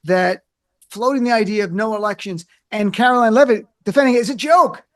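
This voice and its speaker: Male talk radio host, high voice, sarcastic asides, close dry mic. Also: fairly bright tone, no echo. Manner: wry, sarcastic, quick asides. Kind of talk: casual panel chat.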